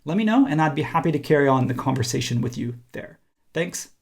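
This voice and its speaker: A man teaching a software design tutorial, thinking aloud casually as he works on screen. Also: on the high side, brisk, vocal fry, husky. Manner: relaxed, thinking aloud while working. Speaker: instructor.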